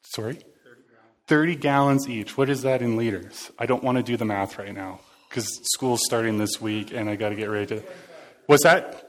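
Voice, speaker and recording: A man's voice: fairly low pitch, steady tone, fairly quick. Chatty, joking man preaching a casual sermon. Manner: chatty, jokey, interacts with the congregation.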